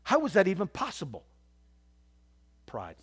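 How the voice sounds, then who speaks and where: Lively high-voiced preacher man. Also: a little slow, slightly rough. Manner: preacher's swings from quiet to loud, squawking parrot imitations. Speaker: pastor. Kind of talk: sermon.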